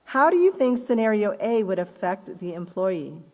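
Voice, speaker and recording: A woman teacher leading an online class, reading workbook scenarios aloud and acting out the quotes with lively delivery. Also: mid-range voice, normal speed. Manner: animated, reads aloud and acts out quoted speech. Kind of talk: live online class lesson.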